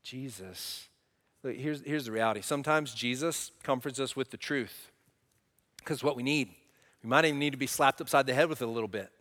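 A male pastor preaching conversationally, often restarting phrases, swinging between loud emphasis and quiet, soft moments. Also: medium pitch, brisk, big-room sound. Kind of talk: sermon.

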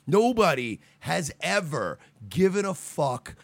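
A man's voice: a little high, very animated, slow, creaky, no echo. A man ranting casually on a talk show, sarcastic and profane, often mocking people in put-on voices. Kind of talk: casual podcast rant.

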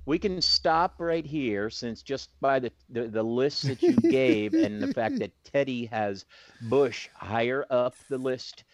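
A man's voice: medium pitch, big pitch swings, a little slow, hardly any pauses, dry recording. A man hosting a casual podcast among friends, running the scoring, often stammering and laughing. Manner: laughing, stammering restarts, keeps score. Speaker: podcast host, moderator. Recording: muffled lo-fi podcast audio.

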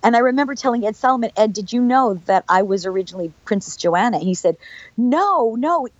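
A woman's voice: medium pitch, fast, dry recording. Actress guest on an interview show: chatty woman with restarts, recorded dry and lo-fi. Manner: chatty storyteller, animated, lots of restarts. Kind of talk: casual interview chat.

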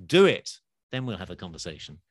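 A man being interviewed about his book, talking in an animated, emphatic way with sudden loud bursts. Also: low voice, fairly quick, dry recording. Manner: animated, emphatic storyteller with big swings in loudness. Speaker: podcast guest, author. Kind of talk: casual interview chat.

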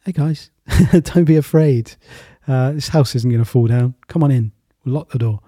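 Casting: a man voicing a bright, reassuring little pig, lifted voice, husky and dry. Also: medium pitch, normal speed, no room sound, lightly acted. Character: cheerful hardworking young male pig.

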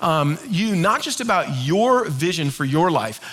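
Middle-aged guy preaching a sermon, high bright voice, gets the crowd to answer back. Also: measured pace. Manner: lively, leads the congregation in call-and-response. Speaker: pastor.

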